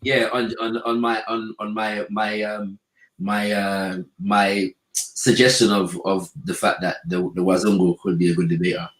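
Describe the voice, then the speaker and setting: A man's voice: fairly low pitch, level tone, normal speed, fairly bright tone, poor audio. A man in casual podcast chat, often stumbling and repeating words as he talks. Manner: hesitant, repeats words, slang-heavy. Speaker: podcast host.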